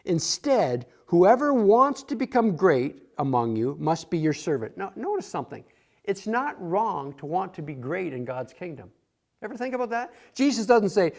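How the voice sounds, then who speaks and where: A man teaching a church Bible class from an outline, acting out the quoted voices of the disciples. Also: moderate pace. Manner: animated, acts out quoted voices with rising pitch.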